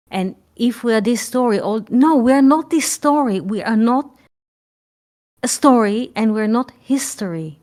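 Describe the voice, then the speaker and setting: Slow, emphatic woman teaching. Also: medium pitch, darkish tone. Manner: earnest, emphatic, repeats phrases, blunt swearing. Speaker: spiritual teacher. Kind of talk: spiritual teaching talk.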